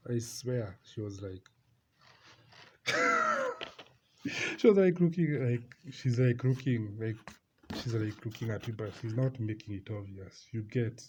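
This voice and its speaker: A man's voice: on the low side, normal speed, dark tone. A young man casually telling a personal story, rambling and repeating himself, with laughs between lines. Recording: slightly dull lo-fi recording with faint noise.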